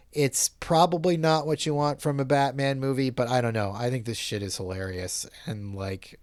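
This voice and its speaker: A man in his forties chatting casually about a movie, telling scenes with animated enthusiasm. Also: a little high, clear, resonant tone, dry recording, studio quality. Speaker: co-host of film review show. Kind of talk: casual film discussion.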